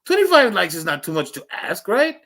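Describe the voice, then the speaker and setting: A man hosts his own livestream, rambling and joking with his few viewers and laughing often. His voice is bright and fairly high for a man. It jumps between loud bursts and low mutters. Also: huge pitch swings, a little fast. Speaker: livestream host. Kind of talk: casual livestream chat.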